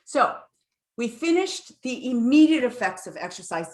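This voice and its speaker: A woman's voice: on the high side, roomy sound. A woman neuroscientist giving an enthusiastic online lecture, with fillers and restarts, speaking into a computer microphone.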